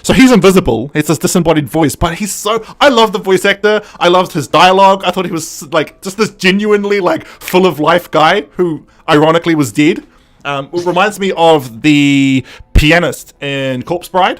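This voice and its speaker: A man's voice: a little high, brisk. Chatty man recapping with many fillers. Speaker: podcast host. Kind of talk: casual review chat.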